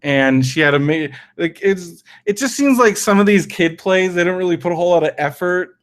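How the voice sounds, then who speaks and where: A man with a somewhat higher voice co-hosts a casual podcast. He talks in loose, meandering sentences that wander from thought to thought. The tone is relaxed, everyday chat. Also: brisk. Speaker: podcast co-host.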